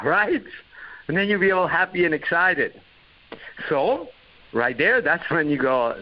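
A man coaching on dating and communication in an animated, profane way, often acting out quick lines of others. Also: fairly high pitch, lo-fi sound. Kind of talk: coaching talk.

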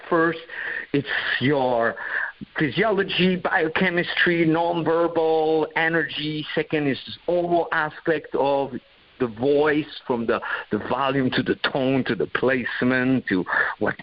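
Animated, profane male dating coach. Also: a little high, highs cut off. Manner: animated, profane, acts out quick voices. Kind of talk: coaching talk.

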